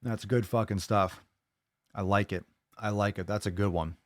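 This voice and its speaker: A man's voice: lowish voice, steady tone, moderate pace, dry recording, studio quality. A man hosting a podcast on his own, reading listener posts aloud and reacting to them bluntly, with a lot of profanity and open skepticism. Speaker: podcast host. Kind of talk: casual solo podcast monologue.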